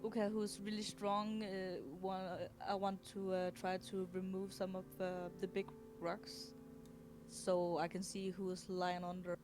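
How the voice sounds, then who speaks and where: A player in a tabletop game, speaking in a halting, stumbling way. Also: medium pitch, flat delivery, over music. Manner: halting, stumbling over words. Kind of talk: casual tabletop play.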